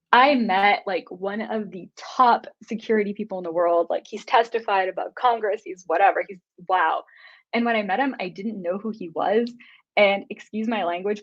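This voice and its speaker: Earnest woman giving a heartfelt tech talk. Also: medium pitch. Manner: earnest and emotional, quick bursts. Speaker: conference speaker. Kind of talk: motivational conference talk. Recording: dull lo-fi recording.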